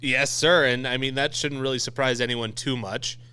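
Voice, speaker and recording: A man co-hosting a casual sports podcast, relaxed and chiming in with quick asides. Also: medium pitch, clear, resonant tone. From Canada. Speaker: podcast co-host.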